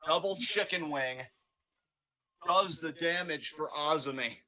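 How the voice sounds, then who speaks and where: Bright-voiced man calling wrestling play-by-play. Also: a little high, a little slow. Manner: animated play-by-play, hyping wrestlers. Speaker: wrestling watch-along co-host. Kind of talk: live reaction commentary.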